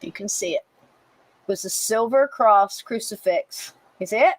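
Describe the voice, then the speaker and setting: A woman hosting a podcast, telling a personal story in a lively way and acting out the dialogue. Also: medium pitch, moderate pace, no room sound. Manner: animated, acts out dialogue with laughs. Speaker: podcast host. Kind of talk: casual storytelling chat.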